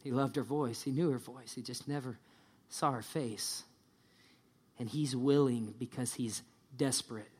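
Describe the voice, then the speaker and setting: A pastor preaching a sermon, telling a story in a lively way and acting out the people in it. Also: male voice, mid-range voice, a little slow, husky. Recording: long church-hall reverb.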